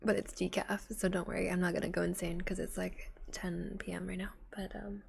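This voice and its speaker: A woman speaking in a whispered role-play, soft and chatty, very close to the microphone. Her whisper has a slightly gravelly, fry-tinged texture. A faint hiss sits under the voice. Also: fairly low pitch, little pitch movement, a little fast. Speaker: ASMR streamer. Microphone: close studio mic with foam cover.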